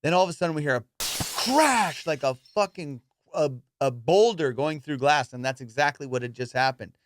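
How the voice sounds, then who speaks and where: Higher-voiced man hosting comedy podcast. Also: moderate pace, a little hiss or hum. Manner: animated, profane, laughs often. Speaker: podcast host. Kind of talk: casual comedic storytelling.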